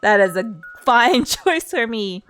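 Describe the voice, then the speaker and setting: A woman's voice: fairly high pitch, lively intonation, slow, a bit bright, faint music behind. A woman streamer chatting casually to her viewers, laughing often and poking fun at herself. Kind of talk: casual live-stream chat.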